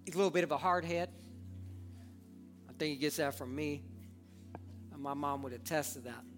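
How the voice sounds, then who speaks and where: A man in his thirties preaching a sermon with passion, moving between hushed earnest stretches and fervent, near-shouted appeals. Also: a little high, steady tone, normal speed, faint music behind. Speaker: pastor.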